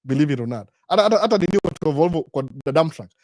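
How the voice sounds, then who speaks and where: A man's voice: a little high, animated, rapid-fire, a little mellow, no echo, studio quality. A middle-aged Kenyan man with a Kenyan accent hosting a casual live Q&A stream, rambling through stories and acting out the voices of the people he quotes. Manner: rambling storyteller, acts out quoted voices, often adds "by the way". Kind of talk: casual live-stream chat mixing Swahili, Sheng and English.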